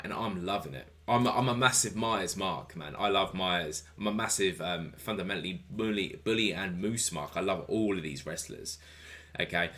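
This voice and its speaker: A man rambling enthusiastically through a wrestling review, swearing casually as he goes. His voice sits fairly low. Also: fairly bright tone. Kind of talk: solo review podcast.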